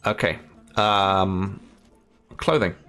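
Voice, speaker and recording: A man's voice: deep voice, extremely slow, fairly bright tone, soft background music. A Scottish man giving casual, chatty commentary as he plays a game, laughing often and thinking aloud. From Scotland. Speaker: gaming streamer.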